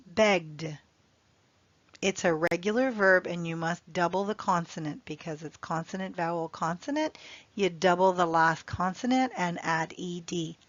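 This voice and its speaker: Slow, low-voiced woman teaching English. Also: no echo, dull audio. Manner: slow, clear teaching delivery, repeating example phrases. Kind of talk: grammar lesson.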